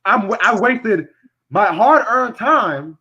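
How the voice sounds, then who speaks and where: Speaking slowly in a high voice with a breathy edge, the young host keeps the podcast chat casual and profane. He's animated and blunt, curses without restraint, and laughs a lot, all on a dull lo-fi recording that fits his music-reviewer show.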